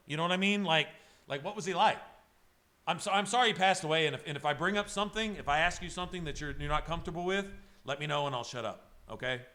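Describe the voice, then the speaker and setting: A man's voice: on the high side, sharp tone. Rambling, profane man chatting on a livestream. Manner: rambling, profane, emotional, talks to chat by name. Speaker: livestreaming airbrush artist. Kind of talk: casual livestream chat with viewers.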